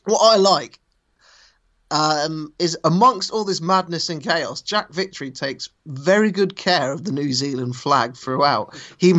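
A man co-hosting a podcast in easy, casual chat. He sounds relaxed and amused, with the odd loose restart as his thoughts wander. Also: on the high side, lo-fi sound. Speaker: podcast co-host.

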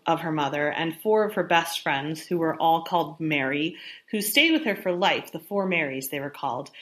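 A woman's voice: on the low side, a bit bright. A woman explaining history in a casual, conversational way, with fillers and self-corrections. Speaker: history presenter.

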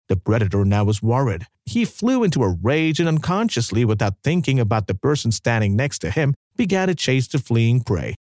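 A man narrating a scripted dramatic story with an expressive delivery. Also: medium pitch, no room sound, clean studio sound.

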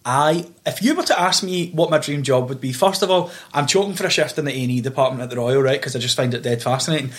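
A man in his twenties with a broad Glaswegian accent, hosting a podcast and talking very fast and animatedly, swearing casually. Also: mid-range voice. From Scotland. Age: 20s. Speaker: podcast host, theatre school owner.

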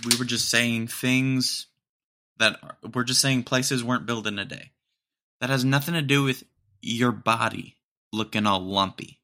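Medium-pitched and sharp, the young podcast host takes his time as he meanders through a casual comedy bit. He leans on sarcasm and laughs at his own lines.

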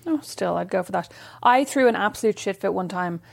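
A woman's voice: mid-range voice, lively intonation, fairly quick, creaky. Woman, mid-range voice, dramatic and chatty, swears freely, casual chat with sister.

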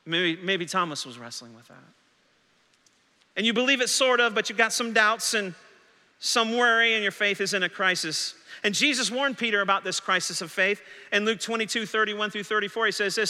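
A male pastor delivers a sermon with swings between hushed lines and urgent, rising questions. His voice sits high and rings bright and sharp. The sound carries a long reverb from the church sanctuary. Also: lively intonation, brisk. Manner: dramatic preaching, voicing doubting disciples' questions. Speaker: senior pastor.

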